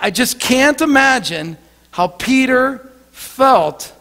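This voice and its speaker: A man's voice: very high-pitched, a bit bright, in a large hall. A male pastor giving an earnest sermon, often repeating words as he starts his sentences.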